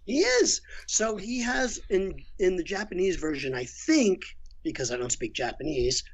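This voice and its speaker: Rambling animated man, muffled lo-fi audio. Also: high voice, normal speed. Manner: rambling, animated storyteller with many fillers. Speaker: guest, voice director and writer. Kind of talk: casual podcast conversation.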